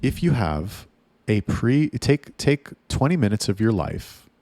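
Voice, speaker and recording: Gravelly low-voiced blunt male sales coach. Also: very animated, measured pace, darkish tone, no room sound. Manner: blunt and profane, rambling with restarts. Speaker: sales trainer for chat staff. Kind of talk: casual coaching monologue.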